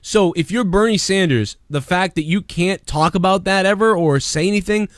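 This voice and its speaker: A man's voice: sits high, normal speed, dry recording, studio quality. A man hosting a live stream, ranting heatedly and with lots of profanity in casual chat. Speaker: stream host.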